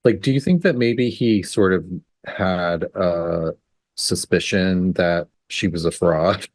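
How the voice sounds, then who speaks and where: A woman's voice: very deep voice, slow, darkish tone, no echo. A woman co-hosting a podcast in casual chat, who teases and asks probing questions. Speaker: podcast co-host.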